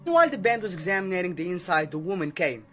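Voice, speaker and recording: A man's voice: high voice, sing-song, fast talker, a bit bright, soft background music. A young man telling a creepy story in a casual storytime style, chatty and constantly checking in with "okay?". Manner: chatty, keeps adding "okay?" and "right?".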